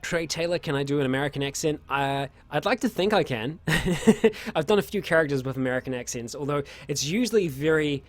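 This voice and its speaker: A man's voice: a little high, expressive, brisk, faint music behind. A young man hosting a casual Q&A, reading out viewer questions and answering in a chatty, rambling way with many fillers and restarts. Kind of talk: casual livestream Q&A.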